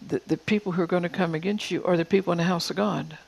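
An older preacher, fifty or beyond, gives an earnest church sermon in a gravelly mid-range voice that stays steady at a quick pace. He often drops to a soft whisper for emphasis and repeats words, and the recording is rough.

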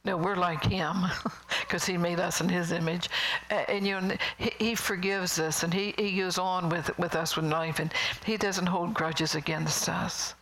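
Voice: medium pitch, level tone, unhurried, fairly bright tone, poor audio. A middle-aged preacher giving a sermon in a rambling, conversational way, with chuckling asides and whispered emphasis.

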